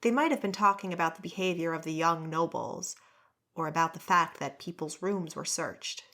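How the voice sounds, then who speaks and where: A woman reading a fantasy audiobook in a steady, measured storytelling voice. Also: fairly low pitch. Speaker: audiobook narrator. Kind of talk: scripted narration.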